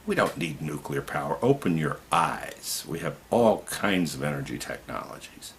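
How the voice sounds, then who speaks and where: Gravelly, indignant ranting man. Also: very deep voice, sing-song, moderate pace, hardly any pauses, fairly bright tone, slight background noise. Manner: indignant and ranting, rising to outbursts. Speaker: video commentator. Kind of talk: impassioned political monologue.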